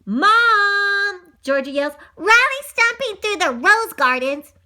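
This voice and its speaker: A woman voicing a little girl who tattles on her brother in a shrill, yelling voice. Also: sing-song, moderate pace, exaggerated voice. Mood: tattling.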